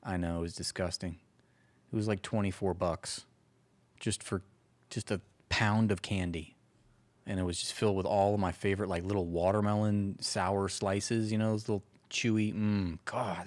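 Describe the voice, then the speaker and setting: A man's voice: deep voice, fairly even intonation, moderate pace. Sarcastic rambling male streamer. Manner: rambling, sarcastic, swears freely. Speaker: streamer host reacting to clips. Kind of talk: casual reaction commentary.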